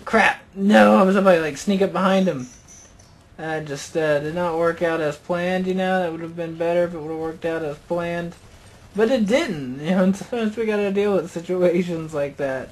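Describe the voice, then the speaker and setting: High-voiced sarcastic gaming commentator man. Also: normal speed, slight background noise. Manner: sarcastic, rambling, peppered with "you know". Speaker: gaming channel host. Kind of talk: let's play commentary.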